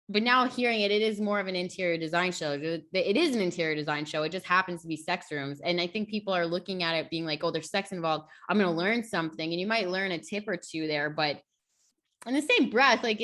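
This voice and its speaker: A woman's voice: medium pitch, a bit bright. A woman speaking candidly and bluntly as a podcast guest in casual chat, swearing casually.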